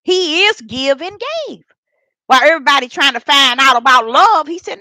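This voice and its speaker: Speaking at a moderate pace, an older woman vlogger gives a spiritual testimony in a high, bright, forceful, animated voice, with no room sound. She repeats herself often and speaks right to her viewers with deep feeling.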